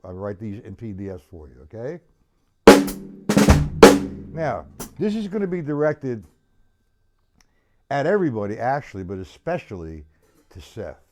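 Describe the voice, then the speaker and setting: A man's voice: on the low side, big pitch swings, unhurried, long pauses, loud music behind the voice. A man teaching a live-streamed drum lesson, chatty and loose, counting beats aloud while he plays. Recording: loud drum kit playing behind voice. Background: drum kit playing.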